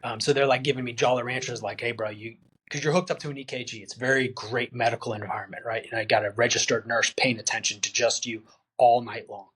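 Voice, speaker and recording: A man's voice: medium pitch, fairly even intonation, quick pace, fairly bright tone, husky. A man talking candidly as a podcast guest and veteran, earnest and plain-spoken, acting out his friends' words as he tells the story. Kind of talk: candid interview conversation.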